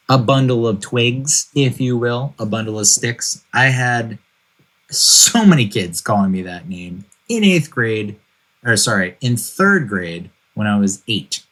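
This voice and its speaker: Podcast host, male, 40s, husky lower voice, lively and exasperated storytelling. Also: measured pace, low-quality recording. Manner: animated, exasperated, jokey asides. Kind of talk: casual storytelling monologue.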